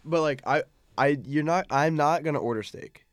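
A young man co-hosting a podcast, chatting casually and quickly, often stopping to correct himself. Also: fairly high pitch, dry recording, studio quality. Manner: quick, self-correcting, halting restarts. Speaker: podcast co-host. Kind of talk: casual chat.

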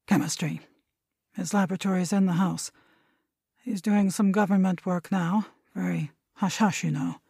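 A woman's voice: on the low side, normal speed, creaky, dark tone, husky, no echo, studio quality. A woman voicing an irritable, domineering grandfather in his nineties, lecturing sharply and impatiently.

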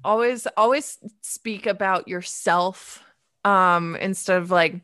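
A woman's voice: mid-range voice, takes it slowly, a bit bright, dry recording. Chatty woman podcast co-host, dry sound. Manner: chatty, many fillers like "you know". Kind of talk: casual chat.

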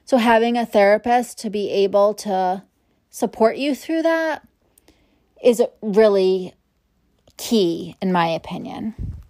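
A middle-aged woman therapist hosting her own show, giving calm advice in an unhurried, gentle and reassuring way. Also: mid-range voice, no room sound, clean studio sound. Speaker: therapist and podcast host.

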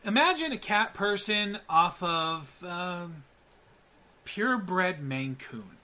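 Guy gm narrating the scene, lots of ums, bright fairly high voice. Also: takes it slowly. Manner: relaxed, hesitant, many fillers. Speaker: game master. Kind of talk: narrating a tabletop game.

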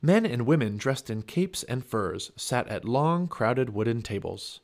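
Man, children's book read-aloud, lively rise and fall, mid pitch, expressive narration. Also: measured pace. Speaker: family podcast reader.

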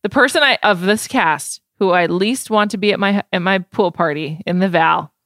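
A woman's voice: on the low side, normal speed, no room sound. Chatty woman, dry close sound. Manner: chatty, animated, says "like" often. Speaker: podcast co-host. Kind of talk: casual chat.

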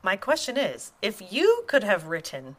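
A woman co-hosting a podcast, giggly, animated and earnest as she talks. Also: medium pitch, normal speed. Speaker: podcast co-host. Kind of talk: casual podcast chat.

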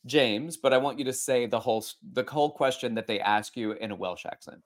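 A man hosting a casual interview, playful and quick to jump in with questions. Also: mid-range voice. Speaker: podcast host.

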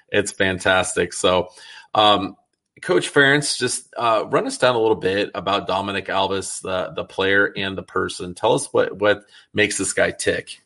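Chatty low-voiced male host. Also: fairly bright tone. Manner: chatty, enthusiastic, fillers like "like". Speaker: interview host. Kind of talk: casual interview chat.

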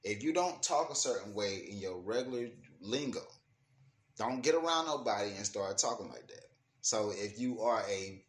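Speaking to camera, a man rants casually and emphatically in African American Vernacular English, swearing and restarting or repeating words as he works through his opinion. His voice is fairly low, with lively intonation and a normal speed. The echoey room carries faint ambient noise.

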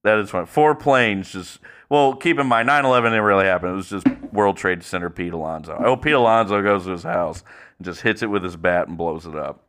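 A man's voice: low-pitched, brisk, a bit bright. A young man co-hosting a comedy podcast, joking animatedly with profanity and frequent laughter. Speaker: podcast host. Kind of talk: casual comedic chat.

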